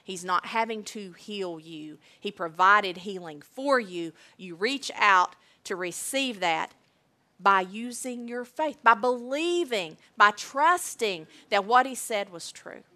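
A woman preaching a sermon, emphatic and deliberate, repeating key phrases. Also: mid-range voice, expressive, pushed and bright.

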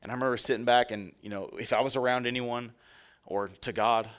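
A man's voice: fairly low pitch, fairly even intonation, fast talker, fairly bright tone, clear, resonant tone. A male pastor giving a sermon in a conversational, joking way, speaking directly to his congregation.

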